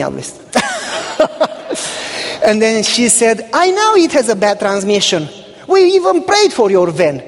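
A male pastor delivering a sermon, telling humorous stories and acting out conversations with God and a church member. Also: high voice. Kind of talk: sermon with storytelling. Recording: long hall reverb.

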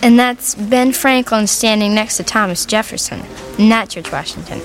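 A woman's voice: medium pitch, moderate pace, faint music behind, natural voice, poor audio. Woman playing a dry schoolgirl. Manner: dry, critical. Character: sharp-tongued schoolgirl classmate.

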